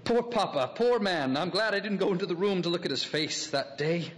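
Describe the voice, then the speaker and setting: A man's voice: mid-range voice, expressive, measured pace, lightly acted. An actor playing a wry middle-aged city man, drifting through an inner monologue full of asides. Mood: musing. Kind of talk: radio drama acting. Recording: long hall reverb, faint ambience.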